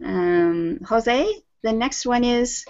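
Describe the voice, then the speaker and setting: Brief: unhurried woman English teacher, encouraging, muffled video-call sound. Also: a little high, darkish tone. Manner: patient, encouraging, calls on students by name. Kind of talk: live online group lesson. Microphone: video call audio. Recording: dull lo-fi video call audio.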